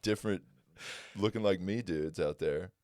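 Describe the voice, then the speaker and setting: A young man telling stories in a casual podcast chat, laid-back, with animated quoted voices. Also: low voice, moderate pace, dry recording, studio quality. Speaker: guest comedian.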